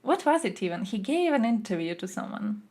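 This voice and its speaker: A woman's voice: fairly high pitch, very animated, brisk, darkish tone. A young woman from Croatia, streaming and giving blunt, profane, sarcastic political commentary. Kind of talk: casual ranting commentary.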